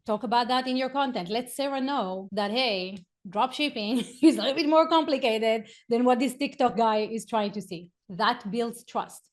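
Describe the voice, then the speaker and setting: High-voiced woman giving a lively business talk. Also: moderate pace, few pauses. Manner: lively, conversational storytelling with acted-out quotes. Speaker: marketing coach.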